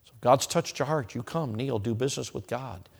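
A man preaching an evangelistic sermon with an altar call, emphatic and swinging between loud and hushed delivery. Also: medium pitch, a little fast, vocal fry, slightly rough. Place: church sanctuary. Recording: long hall reverb.

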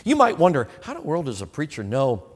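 A man's voice: on the high side, huge pitch swings, fast, husky, big-room sound. A man preaching a sermon, acting out the questions of imagined listeners as he goes.

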